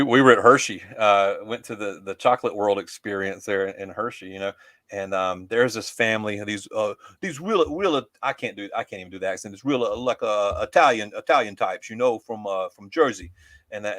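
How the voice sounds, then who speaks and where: Rambling man with a low voice. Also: fairly bright tone, dry recording. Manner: rambling, laughs often, many fillers and restarts. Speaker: co-host. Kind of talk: casual storytelling chat.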